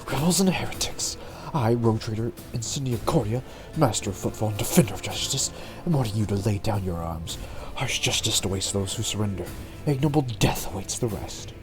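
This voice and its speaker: A man's voice: lowish voice, expressive, a little fast, few pauses, natural voice. A man reading the lines of a stern female rogue trader judge in a formal, declamatory way, in his own voice. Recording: background game music.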